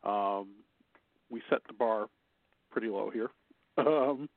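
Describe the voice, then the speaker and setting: A man's voice: on the low side, takes it slowly, no room sound. A man from Chicago with a Chicago accent, hosting a radio show in casual banter, rambling and laughing often. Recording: phone-line internet radio.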